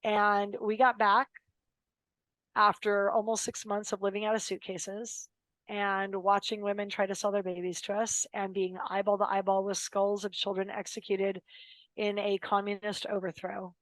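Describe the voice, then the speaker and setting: An American woman in her fifties, a lawyer appearing as a podcast guest, tells personal stories in an interview. Her medium-pitched voice is level in tone and moderate in pace, yet she is emphatic and dramatic, acting out the quotes. The audio is poor, with no room sound.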